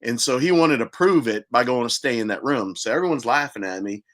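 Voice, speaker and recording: A man's voice: mid-range voice, lively intonation, brisk, a bit bright. An older man hosting a podcast, telling a long, chatty personal story and laughing at his own tales. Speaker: podcast host.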